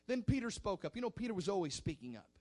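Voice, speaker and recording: A man's voice: high-pitched, very animated, fast talker, darkish tone. A man preaching a sermon in a fervent, emphatic manner.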